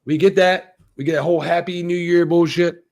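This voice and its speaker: A man talks through a TV episode in a loose, profane ramble, jumping in and out of the characters' lines. His voice is gravelly with fry and sits a little high for a man. He sounds like an unscripted solo host. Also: steady tone, a little fast, a little mellow. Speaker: show host reviewing a TV episode. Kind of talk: casual solo recap and review.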